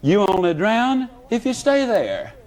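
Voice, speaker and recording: Man with a high voice, motivational speech, folksy, animated, humorous. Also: measured pace. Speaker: motivational speaker.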